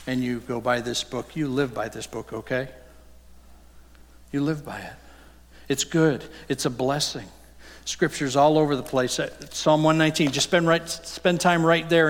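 A man preaching a sermon as pastor, earnest, climbing sharply in pitch when he voices rebukes. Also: fairly bright tone. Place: church sanctuary. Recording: long hall reverb.

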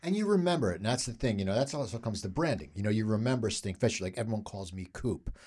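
A middle-aged podcast host talks quickly. His pitch swings widely as he leads a relaxed interview. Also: husky. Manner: quick, lively questioner. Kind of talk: casual interview.

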